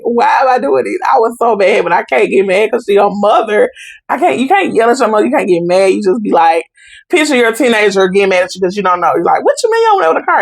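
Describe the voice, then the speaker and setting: Husky and medium-pitched with vocal fry, this young adult woman speaks over a rough recording that has no room sound. As a podcast guest she animatedly relates a family story, doing the characters' voices and quoting their dialogue in Southern Black vernacular.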